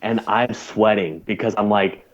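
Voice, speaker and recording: A man in his thirties who used to be a Navy corpsman is a guest on a laid-back podcast, animatedly telling a profane story and putting on voices for the quotes. His voice is fairly low and his pace measured, with the high frequencies cut off.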